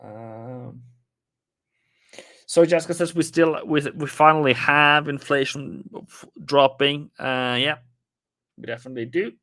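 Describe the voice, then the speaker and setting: A man's voice: on the high side, fairly even intonation, measured pace, long pauses, a bit bright, dry recording, studio quality. A man casually commenting on a live trading stream, rambling and chatting with viewers as he goes through the charts.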